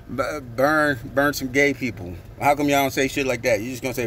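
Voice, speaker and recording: A man's voice: medium pitch, normal speed, hardly any pauses, a bit bright. A man ranting bluntly and with a lot of swearing in a casual monologue, as a truck driver filming himself at a truck stop. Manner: blunt, profane, heated. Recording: outdoor traffic noise.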